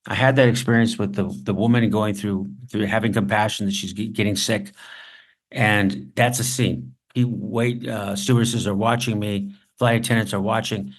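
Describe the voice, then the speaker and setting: A man giving a masterclass on writing, telling anecdotes with dramatic pauses. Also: on the low side, fairly even intonation. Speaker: writing instructor. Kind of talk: masterclass storytelling lesson.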